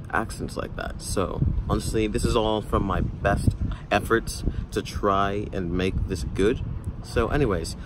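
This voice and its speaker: A young man vlogging in a casual, rambling way, recorded outdoors. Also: fairly low pitch. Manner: rambling, filler-heavy. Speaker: YouTuber. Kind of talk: casual vlog talk. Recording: outdoor traffic noise.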